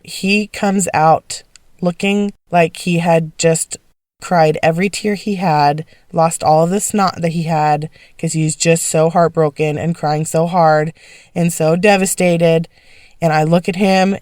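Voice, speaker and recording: A woman's voice: low-pitched, no room sound, studio quality. A woman telling a personal story in a casual, emphatic way, speaking as an interview guest. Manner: emphatic, animated, fast-talking.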